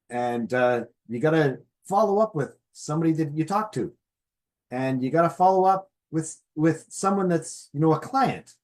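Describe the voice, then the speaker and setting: A man's voice: fairly high pitch, a little mellow. A middle-aged man giving a motivational business presentation in a folksy way, often checking in with "okay?".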